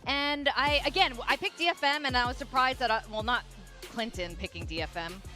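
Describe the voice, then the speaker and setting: Bright high-voiced female esports host. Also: fairly quick, faint music behind. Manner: upbeat presenter, leads segments. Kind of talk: broadcast analysis desk.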